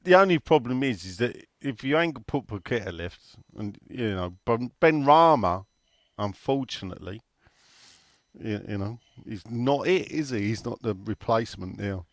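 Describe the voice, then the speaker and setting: A man's voice: medium pitch, expressive, normal speed, no room sound, studio quality. A man hosting a casual football chat, reading out listener questions in a blunt, sweary way.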